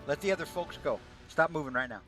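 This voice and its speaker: A man running a tabletop role-playing game as game master, describing scenes and working out dice results in a plain, steady way. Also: a little high, quick pace, faint music behind.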